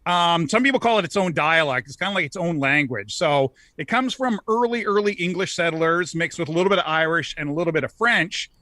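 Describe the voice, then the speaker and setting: A man from Canada talks chattily, explaining a topic with frequent fillers. His voice is fairly high and bright, with a forceful edge. The sound is dry and close. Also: expressive, brisk, few pauses, no echo. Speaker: regular contributor. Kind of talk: casual explainer segment.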